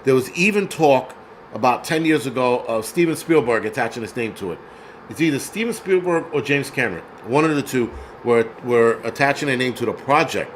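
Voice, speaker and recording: A man's voice: mid-range voice, animated, fairly quick, poor audio. Guy hosting a film chat, rambly and swears a lot, faint ac hum behind. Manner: rambling, profane, searches aloud. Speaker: film commentary host. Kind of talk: casual livestream commentary.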